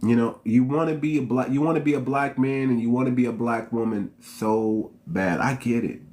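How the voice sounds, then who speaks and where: A man's voice: mid-range voice, moderate pace, darkish tone. Emphatic man ranting to viewers. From United States. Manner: emphatic, repetitive, slangy, talks straight to viewers. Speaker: channel host. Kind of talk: unscripted commentary monologue.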